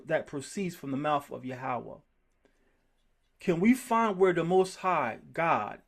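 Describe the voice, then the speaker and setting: A man leading a group scripture study, talking in an emphatic, worked-up way. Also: on the high side. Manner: animated, emphatic, gets worked up. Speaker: Bible study teacher.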